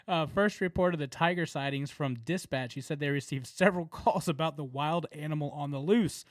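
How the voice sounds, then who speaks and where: On a podcast he co-hosts, a man with a Southern American accent chats casually, laughing and rambling with plenty of fillers. His voice sits on the high side and moves a little fast, and the recording is dry.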